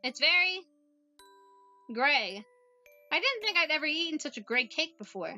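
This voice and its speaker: A woman's voice: sits high, very animated, moderate pace, bright, forceful tone, lo-fi sound, faint music behind, exaggerated voice. A woman voicing an earnest, polite young witch girl who talks in a formal, careful way in a voiced visual novel. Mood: tactful.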